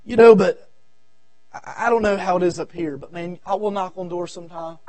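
A man with a Southern American accent preaching a revival sermon, swinging from shouted appeals to low murmurs and repeating his phrases. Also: a little fast, no echo. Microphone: audio recording of a church service.

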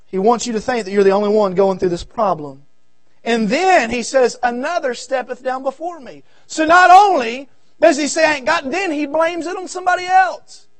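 A man with a very high-pitched voice and a Southern American accent preaches at a revival service. He swings from shouted appeals down to low, quiet asides, and he repeats his phrases as he builds. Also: normal speed, no echo. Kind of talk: revival sermon. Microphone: audio recording of a church service.

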